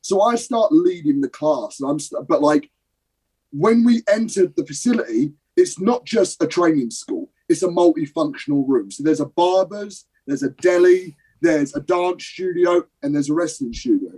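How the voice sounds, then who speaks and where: Young man from britain, interview guest, animated storyteller, casual swearing, slightly high voice. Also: normal speed, husky, poor audio. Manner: lively, swears casually, acts out scenes. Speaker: guest, professional wrestler. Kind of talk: animated anecdote telling.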